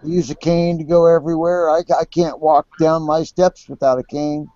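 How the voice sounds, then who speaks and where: A bitter, profane man in his fifties with a mellow, dark voice, pitched a little high for a man. He stammers and repeats himself as he talks. The recording is dry and dull, like a lo-fi capture. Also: level tone, moderate pace, dry recording. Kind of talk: casual chat.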